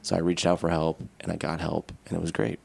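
A man's voice: sits low, completely flat delivery, quick pace, creaky. A man co-hosting a podcast, telling a personal story in a candid, rambling way. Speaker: podcast co-host. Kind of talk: casual podcast chat.

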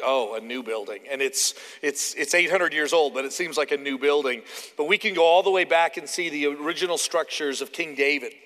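A Canadian-accented man preaching with a fairly high voice in an animated, conversational way. He slips into acting out the quotes he tells. His voice trails off into a long hall reverb. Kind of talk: sermon.

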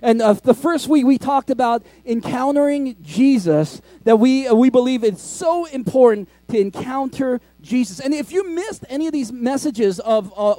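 A pastor preaching in a high, mellow voice, recorded dry and close. He keeps it conversational and jokes with the congregation, laughing at his own asides. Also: no echo. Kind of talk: sermon. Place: school cafetorium used as a church.

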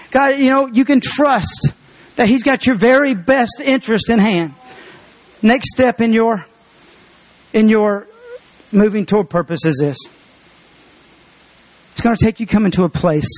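A man preaching a sermon as pastor, earnest and conversational, slowing down to stress key phrases. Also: high-pitched.

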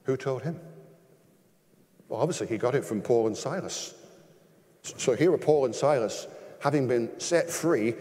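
An older man preaching a sermon as pastor, emphatic, with rhetorical questions and sudden rises in pitch and loudness. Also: lively intonation, moderate pace, long pauses, in a large hall.

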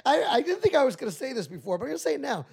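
A man's voice: very high-pitched, very animated, very fast, vocal fry, a little mellow, breathy edge. A wisecracking man bantering on a casual comedy podcast.

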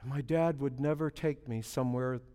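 A shy, earnest young daughter speaking softly and hesitantly, as a preacher puts her on. The voice stays low and gentle, with a long reverb trailing behind it as if in a big hall. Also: normal speed, clear, resonant tone, lightly acted. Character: timid young daughter learning to ski.

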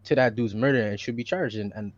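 A man's voice: medium pitch, quick pace, no echo. A man in a casual podcast discussion, retelling events with slang and acting out the quotes. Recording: dry, dull lo-fi mic.

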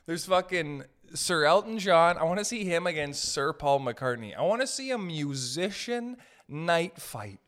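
A young man rambles through a comedy podcast monologue, swearing freely and cracking himself up. His voice sits a bit high and swings up and down with energy as he jumps from bit to bit. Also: sing-song, takes it slowly, fairly bright tone. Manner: riffing, profane, laughing at his own jokes.

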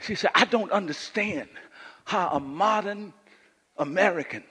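A man from Louisiana, preaching a sermon as pastor and swinging between quiet asides and shouted lines. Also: sits high, a little slow, husky. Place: church sanctuary. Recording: live church hall reverb.

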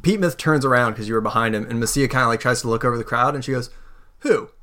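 A man narrating as game master of a tabletop role-playing game, in a relaxed, rambling way full of fillers. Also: mid-range voice, rapid-fire. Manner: relaxed, filler-heavy narration with quoted voices.

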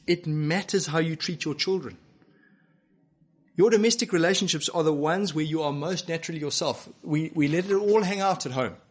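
A male pastor delivers a sermon to people watching at home. His voice sits slightly high for a man. He speaks earnestly and with emphasis, firing off searching rhetorical questions. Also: moderate pace, breathy edge. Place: church broadcast to home viewers.

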